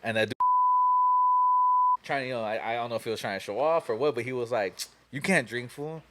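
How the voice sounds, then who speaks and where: Fast-talking young man telling a rambling story. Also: mid-range voice, heavy background noise. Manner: rambling, profane, heavy on "you know" and "like". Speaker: podcast host telling a story. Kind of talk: casual storytelling chat.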